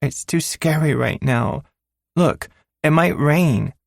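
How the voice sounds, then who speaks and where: A man voicing a timid six-year-old girl in an audiobook, pitching up into a high, pleading, childlike voice. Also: slow, vocal fry, dry recording, studio quality. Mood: scared pleading. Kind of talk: audiobook character voice.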